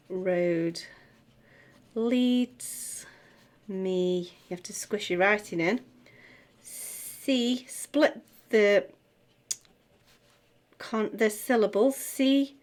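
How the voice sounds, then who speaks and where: A middle-aged woman gives a music theory lesson at an easy, slow pace. Her pitch sits in the middle of the range, and her tone is chatty. She sounds out words syllable by syllable while writing them down. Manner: chatty, self-correcting, sounds out words slowly as she writes. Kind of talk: tutorial, talking while writing.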